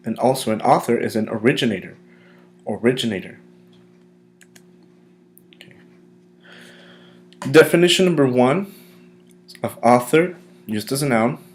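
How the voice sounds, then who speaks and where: A man teaching a vocabulary lesson to students. He speaks with patient encouragement and says key words slowly and clearly so listeners can repeat them. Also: mid-range voice. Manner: slow, deliberate modeling of pronunciation.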